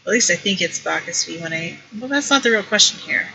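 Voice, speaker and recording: A woman's voice: on the low side, lively intonation, fairly quick, creaky, noisy background. A woman reading an interactive story game aloud, wry and playful, commenting as she reads. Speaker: streamer playing an interactive story.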